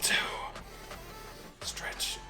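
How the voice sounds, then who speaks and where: A man's voice: extremely slow, pushed and bright. A man, a fitness trainer, coaching a workout in his home gym, counting reps and cueing form as he lifts. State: out of breath. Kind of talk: workout instruction. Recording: roomy echo, music behind.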